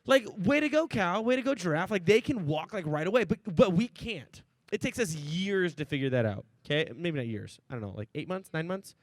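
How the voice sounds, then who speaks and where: Man, 30s, pastor, casual joking sermon delivery, higher voice, dry close sound. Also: expressive, brisk, few pauses, no room sound. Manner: joking, chatty, many "like"s and "right?".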